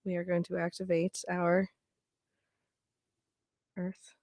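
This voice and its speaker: A woman playing a tabletop game, speaking in a hesitant, halting way. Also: lowish voice, completely flat delivery, a little mellow, no echo, studio quality. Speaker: player.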